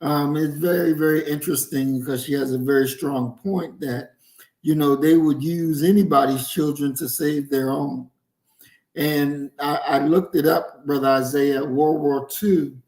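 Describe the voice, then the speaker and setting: A male talk-show host who reads viewer comments aloud and puts pointed questions to his guest in a measured way. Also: fairly high pitch, darkish tone. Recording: echoey room.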